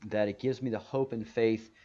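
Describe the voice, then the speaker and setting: A man's voice: fairly low pitch, fairly even intonation, normal speed, warm tone. A man hosting a casual video call stream, rambling with many restarts and repeated words. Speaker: stream host. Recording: muffled video call audio.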